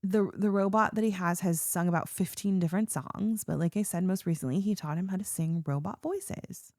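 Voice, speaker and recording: A woman's voice: on the low side, a little fast, darkish tone, no echo, clean studio sound. A woman co-hosting a podcast, musing in casual chat and laughing often. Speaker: podcast co-host.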